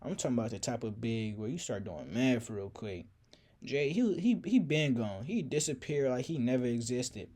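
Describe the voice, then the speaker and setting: A man's voice: medium pitch, animated, moderate pace, dark tone. A man telling a personal story in a casual, slangy, reflective way.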